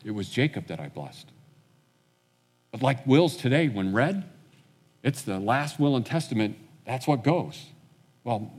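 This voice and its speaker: A man's voice: medium pitch, a little mellow. Conversational male preacher in a reverberant hall. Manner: conversational storytelling, acting out quotes. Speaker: pastor. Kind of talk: sermon.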